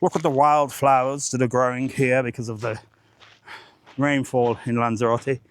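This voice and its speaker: A man doing an impression of a gentle older male TV gardening presenter, speaking outdoors on a hillside. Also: medium pitch, little pitch movement, moderate pace, natural voice. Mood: earnest.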